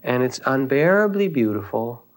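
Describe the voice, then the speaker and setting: A man giving a dharma talk as a meditation teacher, reflective and unhurried, with thoughtful pauses as he tells a teaching story. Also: mid-range voice, very animated.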